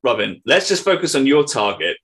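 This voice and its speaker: A man's voice: mid-range voice, very animated, brisk, a crowd in the background. A man co-hosting a casual podcast, reading lines aloud in mock voices and laughing often. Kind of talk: casual chat, reading and acting out script lines.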